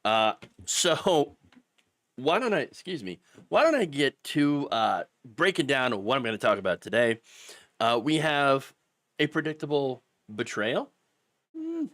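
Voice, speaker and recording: A man's voice: mid-range voice, very animated, a little slow, a bit bright, dry recording. Man with the hiccups hosting a stream. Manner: casual, self-deprecating, restarts often. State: has the hiccups. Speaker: political commentary host. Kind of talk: live-stream political commentary.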